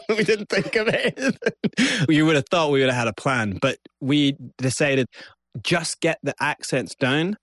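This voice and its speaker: A Scottish man tells his story as a guest in an interview, lively, and he acts out what others said. His voice sits at a middle pitch. The sound is dry and close, with almost no room. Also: no echo. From Scotland. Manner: animated, acts out quotes.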